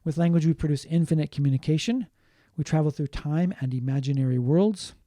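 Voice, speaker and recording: Male lecturer, mellow tone, patient and repetitive delivery, dry close sound. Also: a little high, dry recording. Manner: explains slowly, repeating points and adding Japanese glosses. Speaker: linguistics teacher. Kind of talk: online lecture.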